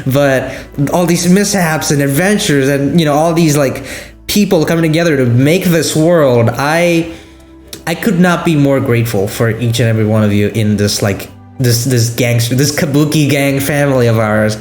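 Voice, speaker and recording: A man interviewing his voice cast, hyper and excitable, often stumbling over his words. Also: medium pitch, moderate pace, reverberant, soft background music. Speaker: interviewer and show creator. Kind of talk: casual interview.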